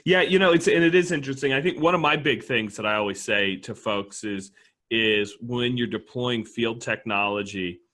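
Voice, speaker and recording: A man's voice: medium pitch, moderate pace, a bit bright. A man co-hosting a podcast who chats casually and tells wry anecdotes. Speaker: podcast co-host. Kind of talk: casual conversational chat.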